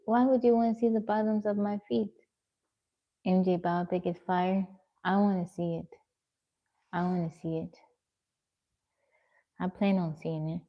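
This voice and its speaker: A woman's voice: fairly low pitch, measured pace, long pauses, dull audio. Chatty woman streaming from home. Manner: relaxed, chatty, answers viewers one by one. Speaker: livestreamer. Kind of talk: casual live-stream chat reading comments.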